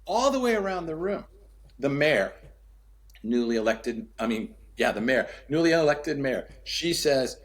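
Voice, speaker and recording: A man telling a story as a podcast guest, acting out the dialogue with sweeping pitch and repeating key phrases for emphasis. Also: very animated, unhurried. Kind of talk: storytelling in conversation.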